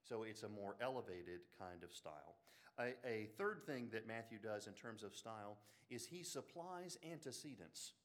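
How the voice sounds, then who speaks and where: A man with an Alabama Southern accent giving a classroom lecture on the Bible, animated, with joking asides and frequent restarts. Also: on the low side, moderate pace. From Birmingham, Alabama.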